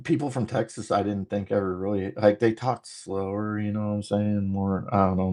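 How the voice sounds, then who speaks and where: A man from the northern United States hosting a casual livestream, talking fast and rambling through jokes while he reads out viewer comments. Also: lowish voice, fairly even intonation, a little mellow. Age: adult, former military. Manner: rambling, joking, talks fast. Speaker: livestream host.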